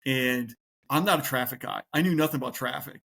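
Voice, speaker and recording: A man's voice: medium pitch, brisk, vocal fry, husky. A middle-aged man and police officer telling stories in a casual interview, swearing a lot and acting out what he thought at the time. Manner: profane, animated, acts out his own past thoughts.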